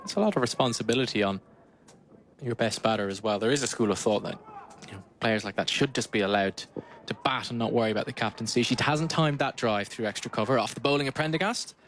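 A man commentating live on cricket in a mid-pitched voice. He calls each ball briskly and rises on the big shots. A faint hum of noise sits behind him. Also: a bit bright.

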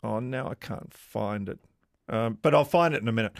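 A man with an Australian accent hosting live talkback radio in a studio, brisk and chatty, giving the number and reading texts. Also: mid-range voice, gravelly, background noise. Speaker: radio host.

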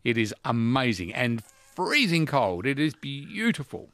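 A man's voice: medium pitch, sing-song, a little slow, fairly bright tone, no echo. A man hosting a casual quiz chat, playful and teasing as he reads out questions and options. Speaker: quiz host.

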